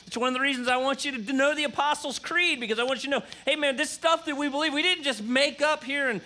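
Emphatic preaching man, high bright voice. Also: fast talker. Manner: emphatic, repetitive preaching with frequent "okay?" check-ins. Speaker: pastor. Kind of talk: sermon.

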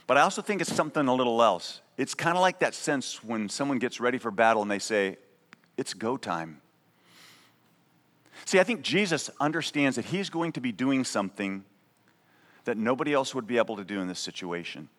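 A man's voice: mid-range voice, a bit bright. Male pastor preaching in a reverberant hall. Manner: conversational, emphatic preaching with frequent "right?". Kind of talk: sermon. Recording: long reverb of a large hall.

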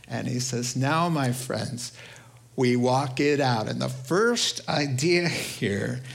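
A male pastor with a New York accent preaching a sermon, animated, acting out quoted voices and swinging between loud and hushed delivery. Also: mid-range voice, slow, vocal fry.

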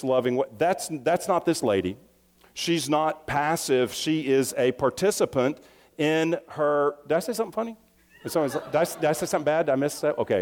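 A man's voice: a little high, a little mellow. A man preaching a sermon in a loose, conversational way, often restarting phrases and breaking into asides. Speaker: pastor. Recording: long hall reverb.

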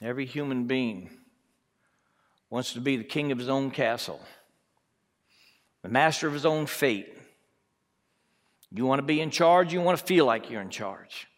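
A man preaching a sermon, acting out voices from the story and swinging between hushed, drawn-out lines and loud ones. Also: mid-range voice, expressive, long reverb tail.

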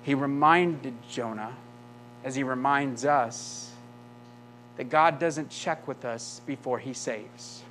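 A man's voice: mid-range voice, slow pace, fairly bright tone, slight background noise. A male pastor preaching a sermon, emphatic, often asking the congregation rhetorical questions.

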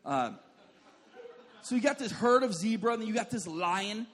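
A man's voice: high-pitched, lively intonation, normal speed, a bit bright. A man preaching a sermon as a pastor, joking and telling stories, often saying "like" and calling on the congregation to respond. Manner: joking, storytelling with asides to the congregation; says "like" often and calls for responses.

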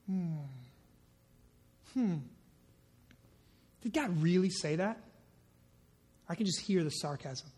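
A man voicing a sarcastic, doubting serpent tempter in a low, drawling mutter. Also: expressive, unhurried, pauses often, darkish tone, slightly rough, full character voice.

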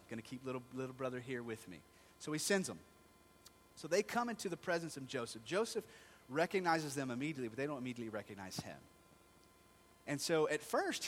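A man's voice: mid-range voice, fairly bright tone, slight background noise. A male pastor preaching a sermon in a conversational storytelling manner, asking the congregation rhetorical questions.

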